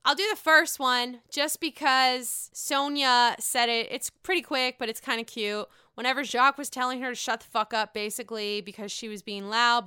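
Woman podcast host, fairly high, bright and crisp voice, gossipy and foul-mouthed, casual solo recap. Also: no room sound, studio quality. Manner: gossipy, profane, playful.

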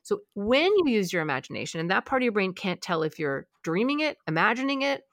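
A woman's voice: mid-range voice, very animated, fast, no echo, clean studio sound. A woman hosting a conversation, eagerly explaining how the brain works and acting out the voices inside it.

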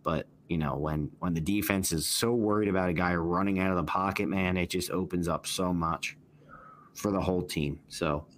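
A man's voice: low-pitched, steady tone, normal speed. A man hosting a casual sports podcast, steering the talk with questions and hesitant fillers. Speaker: podcast host.

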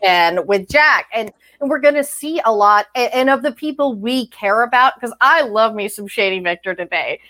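A woman with a Southern US accent co-hosting a casual chat, talking in an animated, gossipy way and laughing often. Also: fairly high pitch, moderate pace, few pauses. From Texas. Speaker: co-host.

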